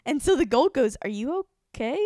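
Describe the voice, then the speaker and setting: A woman's voice: high voice, expressive, brisk, mellow, dry recording, studio quality. A young woman co-hosting a casual podcast, laughing often and jumping in to add to the story. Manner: giggly, laughs often, jumps in to finish stories. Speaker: podcast co-host.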